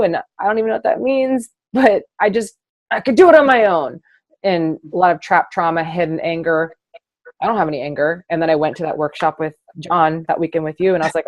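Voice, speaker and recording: Woman host chatting, lively, acts out her own thoughts, dry close mic. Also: on the low side, brisk, dry recording. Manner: expressive, acts out her own past voice, laughs often. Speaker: host, naturopath. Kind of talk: casual conversation.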